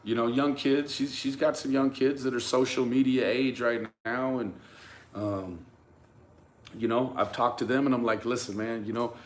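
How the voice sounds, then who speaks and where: A man's voice: medium pitch, fairly even intonation, moderate pace, a little hiss or hum. A man hosting a casual commentary rant for his channel, speaking emphatically, often stammering and repeating words as he addresses viewers and critics directly. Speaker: YouTube true crime commentator.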